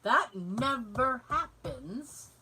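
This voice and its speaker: A woman co-hosting a podcast in loose, animated chat. Her voice is high and swoops widely. She swears freely and laughs easily. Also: extremely slow, background noise. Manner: animated, laughs often, acts out quoted voices, swears casually. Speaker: podcast co-host. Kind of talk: casual chat, storytelling.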